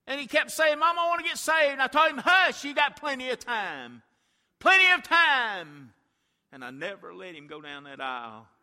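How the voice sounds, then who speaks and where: A woman's voice: a little high, quick pace, few pauses, bright, forceful tone, pitched above the performer's own voice. A man, a preacher, voicing a grieving middle-aged mother who pleads and wails, heard with long church reverb. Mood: anguished. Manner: pleading, wailing.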